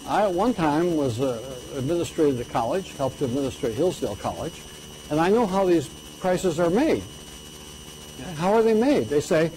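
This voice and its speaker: A man's voice: on the high side, dark tone, a little hiss or hum, rough recording. An older man giving an economics lecture to an audience, conversational and checking in with "okay?" after his points.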